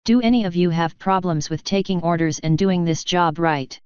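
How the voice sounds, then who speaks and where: A woman's voice: fairly low pitch, normal speed, darkish tone, clean tone, dry recording, natural voice. A woman voicing a stern, commanding stallion captain who speaks in a clipped, authoritative way. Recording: dry, slightly muffled.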